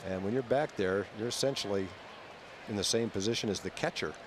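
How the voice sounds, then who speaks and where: A man's voice: fairly low pitch, a little fast. A man giving color commentary on a baseball broadcast, earnest and explanatory. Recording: very loud crowd and noise behind. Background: ballpark crowd.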